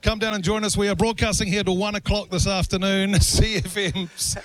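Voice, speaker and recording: A man's voice: high voice, level tone, normal speed. A man with a New Zealand accent hosting a live outside radio broadcast, chatty and joking, laughing often.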